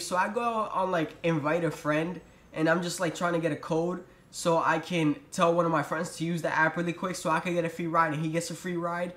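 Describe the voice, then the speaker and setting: A man's voice: on the high side, a bit bright. A young man telling a storytime vlog in a profane, exasperated rant. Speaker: vlogger. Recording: roomy echo.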